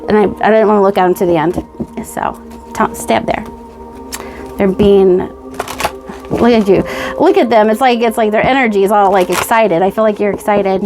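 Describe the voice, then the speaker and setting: A woman giving a pick-a-card tarot reading, gushing and excitable, speaking straight to the viewer and checking in with "okay?" and "right?". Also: medium pitch. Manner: says "okay?" and "right?" often. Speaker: tarot reader.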